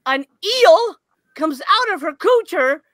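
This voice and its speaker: A man co-hosting a podcast, telling a story in a casual chat, getting excited, laughing and swearing. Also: extremely high pitch, takes it slowly, no room sound. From Los Angeles area. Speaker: podcast co-host.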